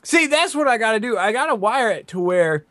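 A man's voice: high-pitched, expressive, fairly quick, bright, forceful tone, a little hiss or hum. A man chatting casually with another player during a game, explaining things plainly and joking around. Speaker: fellow player on a game server.

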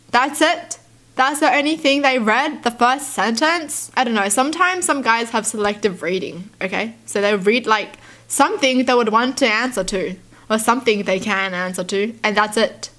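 Giggly young woman reacting to tweets. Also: a little high. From Australia. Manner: giggly, animated, squeals in disbelief. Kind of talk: casual reaction commentary.

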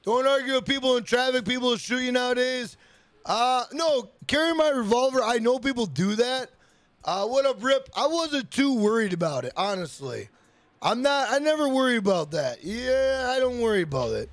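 Male streamer, very high voice, dry close sound, swears constantly, chatty storyteller. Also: animated, normal speed, no echo. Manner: profane, rambling storyteller greeting chat by name. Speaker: livestream host. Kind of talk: casual livestream chat.

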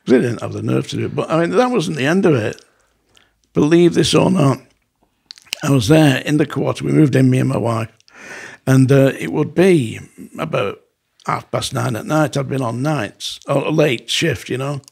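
A man's voice: medium pitch, moderate pace, gravelly, breathy edge. A man, a former prison officer, telling his stories in a casual podcast chat and acting out the dialogue in them. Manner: animated, acts out quoted dialogue. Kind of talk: casual storytelling.

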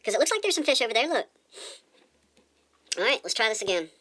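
A woman's voice: on the high side, big pitch swings, quick pace, fairly bright tone, breathy edge. A woman giving casual let's-play commentary as she plays, chatty and rambling, often repeating her words. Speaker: gamer.

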